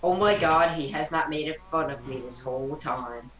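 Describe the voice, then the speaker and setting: Woman, very low voice, teasing, echoey room, faint hiss. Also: moderate pace, a loud crowd. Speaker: podcast participant. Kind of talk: casual group call chat.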